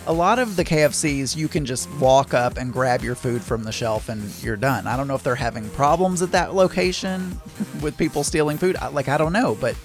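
A man's voice: medium pitch, normal speed, faint music behind. A man telling a casual story, rambling with many restarts and exasperated asides.

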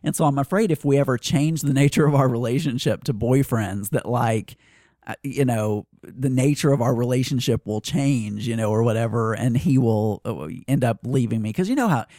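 A man's voice: mid-range voice, moderate pace, dark tone, no room sound, clean studio sound. A man hosting a personal podcast, talking through his worries in a hesitant, self-deprecating ramble. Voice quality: hesitant, full of fillers and restarts. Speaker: podcast host.

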